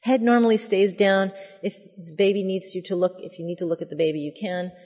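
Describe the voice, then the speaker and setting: Woman yoga instructor, soothing cues, mellow tone, echoey room. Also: medium pitch, steady tone, fairly quick. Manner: gentle, soothing cues with baby talk. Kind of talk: guided yoga class instruction.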